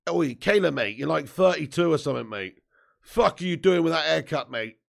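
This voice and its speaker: A man's voice: fairly high pitch, expressive, a little fast, vocal fry. A man, just woken up and hosting a sweary, jokey live football watch-along, reading out viewer comments. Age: 30s. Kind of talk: casual live-stream chat and match commentary.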